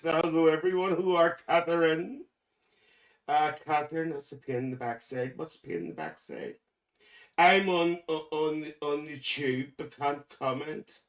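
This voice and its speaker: Recorded from a distance, this livestream host speaks a little high with a fairly bright tone. In character as a gossipy, cheeky older auntie, he calls everyone dear and laughs a lot while chatting.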